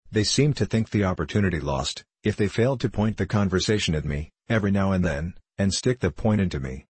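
A man narrating a novel aloud in measured first-person storytelling. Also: sits low, a little mellow, breathy edge, no echo. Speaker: audiobook narrator.

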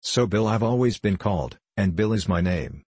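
A man with a low, husky voice reading the lines of a gruff, blunt female yellow hen in an audiobook story. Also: lively intonation, normal speed, dry recording. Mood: matter-of-fact. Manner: gruff, blunt and self-assured.

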